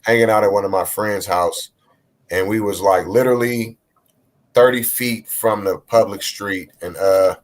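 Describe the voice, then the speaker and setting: A man's voice: lowish voice, steady tone, unhurried. A man telling a personal story in a casual panel discussion, with frequent fillers. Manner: plain storytelling with many fillers. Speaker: panel guest.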